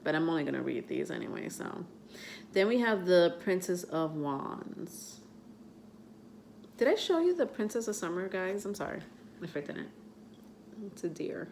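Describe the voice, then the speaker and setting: A woman giving a casual tarot reading to her viewers, chatty and halting, with many fillers as she reads card texts aloud. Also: lowish voice, very animated, creaky, a little mellow, a little hiss or hum. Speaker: tarot reader.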